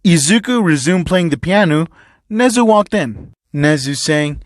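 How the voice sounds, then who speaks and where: A man's voice: a little high, moderate pace, no echo, clean studio sound. Man casually reading a fan story. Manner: casual, plain reading with fillers. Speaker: fan fiction narrator.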